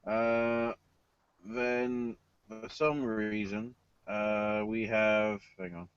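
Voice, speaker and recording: Foul-mouthed excitable man, dull dry sound. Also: fairly low pitch, drawn-out words, smooth, no echo. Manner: swears a lot, bursts into loud mock cries. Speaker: podcast host. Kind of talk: casual wrestling chat.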